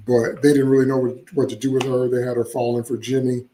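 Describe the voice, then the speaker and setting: A man's voice: mid-range voice, level tone, fast, dark tone, reverberant, slight background noise, low-quality recording. A man hosting casual solo commentary, opinionated and chatty with frequent asides. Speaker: comics channel host.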